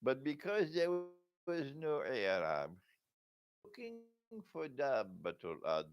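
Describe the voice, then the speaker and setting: A man's voice: mid-range voice, very animated, slow pace, muffled recording. An older man giving a religious lecture as an Islamic scholar, asking rhetorical questions and chuckling often.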